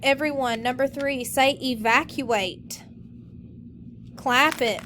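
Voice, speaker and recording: A woman teacher leading a recorded phonics lesson, slowly modeling and stretching out each word for students. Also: sits high, background noise. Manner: slow, drawn-out modeling of words.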